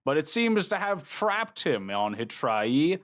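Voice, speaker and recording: A man voicing a scheming, aloof old male elf wizard with a grand, drawn-out theatrical delivery. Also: on the high side, big pitch swings, fairly bright tone, full character voice. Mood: explaining. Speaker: game master voicing a wizard.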